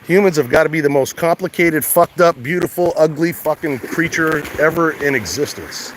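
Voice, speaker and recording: A man's voice: on the high side, moderate pace, noisy background. An American man ranting casually and bluntly while out at the shore, swearing a lot and rambling between thoughts. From United States. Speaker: vlogger. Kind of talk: casual outdoor rant to camera. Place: outdoors at a shoreline at high tide.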